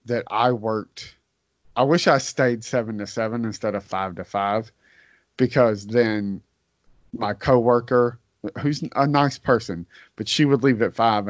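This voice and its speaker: A man's voice: fairly low pitch, no room sound. A man co-hosting a podcast, telling stories in a laid-back way and swearing casually. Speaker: podcast co-host. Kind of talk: casual chat. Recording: dry, slightly dull podcast audio.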